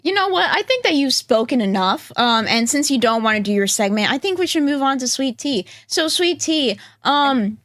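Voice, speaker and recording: Brisk woman hosting a livestream. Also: sits high, sing-song, a bit bright, dry recording, studio quality. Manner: brisk, moves things along, thanks donors. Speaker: stream host. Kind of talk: casual livestream chat.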